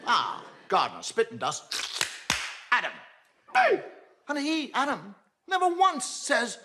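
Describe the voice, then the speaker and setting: A man's voice: very high voice, wildly swooping pitch, measured pace, very noisy. A man doing a wry stand-up monologue, telling jokes with a storytelling, swooping delivery. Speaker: comedian.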